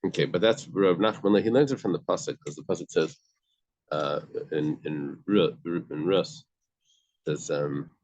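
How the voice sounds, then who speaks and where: A man's voice: low voice, measured pace, darkish tone, no echo. A man teaching a casual Talmud study class, explaining step by step with everyday examples and frequent restarts. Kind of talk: casual study-group lesson.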